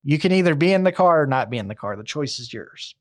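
A man's voice: a little high, animated, fast, close to an everyday voice. A man doing a cold, menacing husband.

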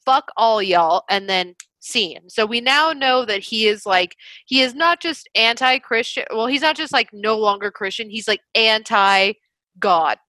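A young woman chats through a movie recap, animated and quick to mock. Her voice is bright and slightly high. The sound is close and dry. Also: dry recording. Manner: animated, laughing, mocking impressions. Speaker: podcast co-host. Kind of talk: casual chat recapping a movie.

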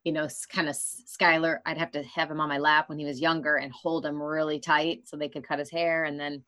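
A woman's voice: low-pitched, level tone, brisk, bright, forceful tone. A woman hosting a podcast, talking frankly and conversationally and often laughing mid-sentence. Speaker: podcast host. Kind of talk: casual interview talk.

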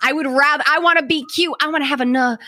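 A woman with a slight New England accent, chatting loudly and excitably as a co-host, laughing often and swearing freely. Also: high voice, fast talker, no room sound. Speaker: Twitch streamer and co-host. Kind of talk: casual chat.

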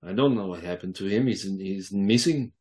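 A flustered, frightened man caught in bed, stumbling through broken English in halting bits. A man puts him on in a slightly low voice, as game master of a tabletop game. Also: dark tone, natural voice.

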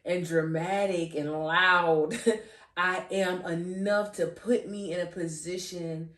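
A woman hosting a faith podcast, animated and giggly, often restarting and repeating her phrases as she trips over words. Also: fairly low pitch, slow pace, recorded from a distance. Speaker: podcast host. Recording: roomy echo, voice off-mic.

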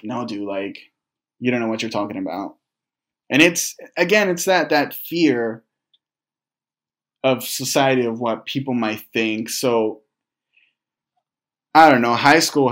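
A young man talks straight to his viewers, voice sitting at an ordinary middle pitch. He speaks haltingly and reflectively, restarting sentences and leaning on fillers, with some casual swearing. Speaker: vlogger. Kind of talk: candid personal storytelling to camera.

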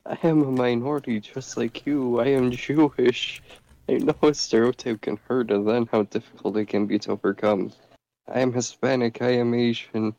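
A man joking around with friends in casual chat, with an expressive delivery. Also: mid-range voice, normal speed, dry recording, dull audio.

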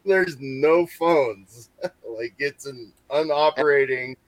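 A man's voice: on the high side, slow, no echo. A man who investigates hauntings, telling a story in casual podcast chat and rambling through fillers and restarts. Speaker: paranormal investigator.

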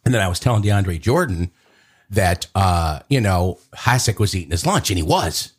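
Deep husky man. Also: moderate pace. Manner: animated, acts out quotes in a raised voice. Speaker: podcast host telling a story. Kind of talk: casual storytelling chat.

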